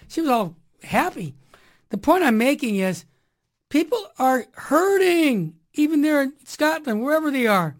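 A woman hosting a Catholic radio talk show, delivering an energetic, preachy monologue full of upbeat catchphrases. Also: high-pitched, unhurried.

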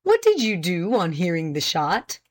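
A woman voicing a formal male prosecutor who questions a witness deliberately and pointedly. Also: lowish voice, huge pitch swings. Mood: probing.

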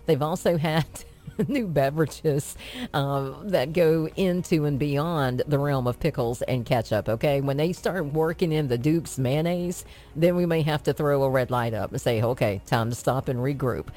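A woman's voice: low-pitched, unhurried, mellow. A woman hosting a radio show, chatting casually and rambling in a self-amused way. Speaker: radio host.

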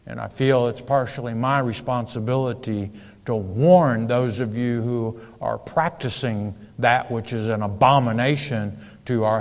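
A man preaching a sermon, reading scripture in old-fashioned wording with emphasis and building to loud warnings. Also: mid-range voice. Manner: slow and deliberate, swells louder on scripture and warnings. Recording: long hall reverb.

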